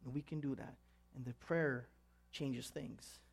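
A man preaching a sermon as pastor, earnest and animated, asking the congregation for amens. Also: medium pitch, unhurried, gravelly. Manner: earnest, asks the congregation "Amen?"; storytelling with animated voices.

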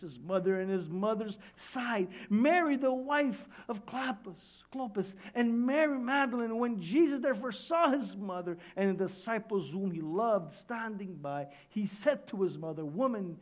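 A man with a fairly high voice delivers a sermon as pastor. He preaches dramatically, rising to loud cries and then dropping to near-whispers. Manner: dramatic preaching, swinging from shouts to hushed tones.

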